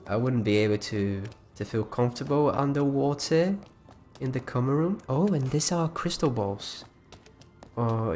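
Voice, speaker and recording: A man hosting a casual livestream, chatting loosely with frequent restarts while walking viewers through his creation. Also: mid-range voice. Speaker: livestream host.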